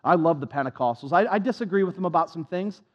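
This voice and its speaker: A man's voice: high-pitched, lively intonation, fast, in a large hall. A man preaching a sermon as pastor, impassioned and repetitive, with a self-deprecating touch, on a dull lo-fi recording.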